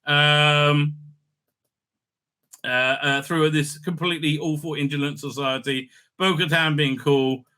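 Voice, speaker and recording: A man's voice: mid-range voice, sharp tone, clear, resonant tone. A man hosting a casual, sardonic episode recap, rambling with many fillers and restarts. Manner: sardonic, mocking. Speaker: host.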